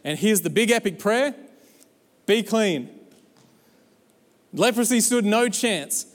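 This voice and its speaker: High-voiced man preaching in a hall. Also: moderate pace. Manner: animated, exhorting, playful asides. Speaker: pastor. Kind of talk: sermon.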